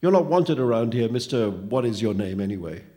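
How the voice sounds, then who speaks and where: A man's voice: medium pitch, sing-song, normal speed, creaky, warm tone. A man reading a story aloud, voicing a frightened but defiant young boy who talks urgently and pleadingly.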